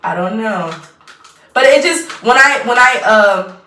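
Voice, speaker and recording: A woman's voice: fairly high pitch, lively intonation, measured pace, pushed and bright, slight background noise. A young woman in her twenties chatting casually while doing her makeup, rambling and trailing off mid-sentence. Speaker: vlogger. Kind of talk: casual get-ready-with-me chat. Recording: roomy echo, mic at a distance.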